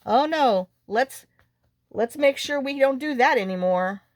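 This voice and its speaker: Clean studio sound with no room sound captures a woman's high, animated voice, speaking a little slowly. She's a vlogger crafting a journal, chatting casually, telling rambling stories and muttering to herself.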